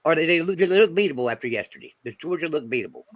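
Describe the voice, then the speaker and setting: A man's voice: fairly high pitch, lively intonation, racing, no room sound, lo-fi sound. A man hosting a casual college football talk show, reading viewer super chats and asking questions. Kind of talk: casual sports chat.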